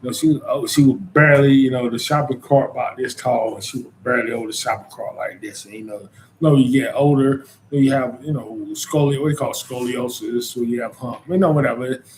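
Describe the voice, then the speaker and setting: A man's voice: mid-range voice, fairly quick, a little hiss or hum, rough recording. A man from North Carolina with a Southern accent hosting a podcast, talking in a loose casual monologue full of "you know" and "man". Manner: informal Southern speech. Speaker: podcast host.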